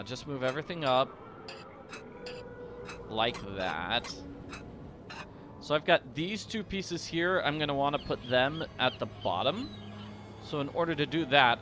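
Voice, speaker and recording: A man's voice: mid-range voice, noisy background. A man giving goofy, rambling, self-deprecating commentary as he plays a mystery game. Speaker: let's-play host. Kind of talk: casual gameplay commentary.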